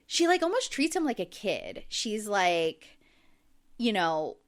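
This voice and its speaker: A woman's voice: medium pitch, very animated, takes it slowly. A woman co-hosting a podcast, chatting casually and filling her talk with "like" and "um". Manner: chatty, filler-heavy, lots of "like". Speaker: podcast co-host recapping a reality show. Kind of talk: casual chat.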